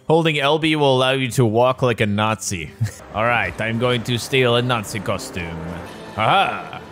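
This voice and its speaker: A young man giving excitable, joking gameplay commentary. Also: medium pitch, unhurried. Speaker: YouTuber. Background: game music.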